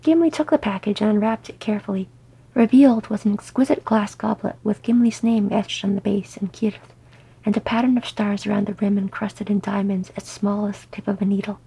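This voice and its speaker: A woman's voice: mid-range voice, brisk, husky, low-quality recording. A woman reading fan fiction aloud, narrating and voicing each character. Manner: animated, voices each character. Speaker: audiobook reader.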